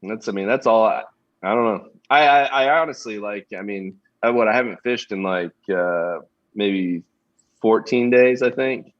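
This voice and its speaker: A man in his thirties, from Florida, chatting casually as a guest pro angler, halting with many restarts. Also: on the low side, muffled recording. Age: 30s. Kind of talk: casual podcast chat.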